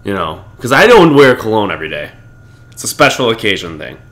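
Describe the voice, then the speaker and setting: Young male podcast co-host, low-set voice with a bright edge, jokey and loose with fillers. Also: big pitch swings, fairly quick. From Chicago. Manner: joking, laughs often, trails off with fillers. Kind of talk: casual recap chat.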